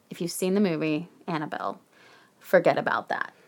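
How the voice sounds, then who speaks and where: A woman co-hosting a podcast, chatty and animated, casually telling a true haunted story with some swearing. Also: low voice, moderate pace.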